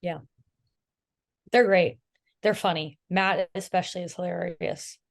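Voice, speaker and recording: A young woman guesting on a podcast, telling stories in a teasing, animated way. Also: on the low side, measured pace, creaky. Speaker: podcast guest and pro player. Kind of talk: casual podcast chat.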